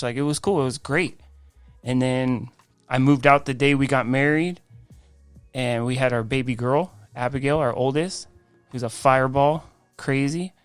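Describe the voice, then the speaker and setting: A man, a guest on a faith podcast, telling his life story in an animated way, acting out quoted dialogue. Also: medium pitch, clean tone, no room sound. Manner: frequent restarts and "I'm like" quoting.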